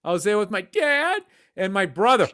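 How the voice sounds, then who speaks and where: A man co-hosting a podcast, telling animated, profane stories in casual chat. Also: high voice, normal speed, clear, resonant tone. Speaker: podcast co-host.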